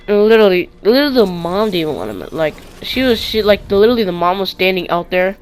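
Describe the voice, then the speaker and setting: A young man casually telling storytime tales into a clip-on mic, rambling with restarts and getting loud when excited. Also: high voice, fast talker, rough recording. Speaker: vlogger.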